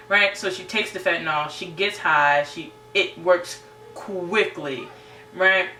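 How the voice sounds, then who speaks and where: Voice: mid-range voice, fairly even intonation, normal speed, bright, forceful tone. A TV series reviewer giving a casual, chatty episode recap, full of "right?" and "you know". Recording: roomy, distant mic, faint hum.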